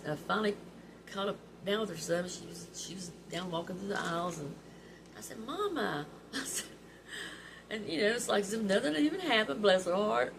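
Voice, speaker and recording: A woman's voice: mid-range voice, creaky. A middle-aged woman, telling heartfelt stories to her viewers in a chatty, emotional way. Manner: heartfelt and chatty, often laughing through tears. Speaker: vlog host. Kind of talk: personal storytelling. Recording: background noise.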